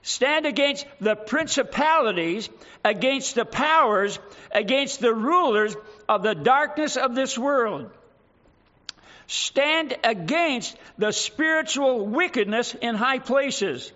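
A man in his eighties preaching with a high, bright, ringing voice. He drives home each point with slow, emphatic repetition and weighty pauses. The recording sounds dull and lo-fi. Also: lively intonation. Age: 80s. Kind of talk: sermon.

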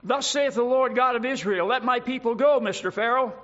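A man's voice: extremely high pitch, fairly quick, fairly bright tone. A man preaching a sermon, reading scripture aloud with dramatic emphasis and adding his own asides. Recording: dull lo-fi recording.

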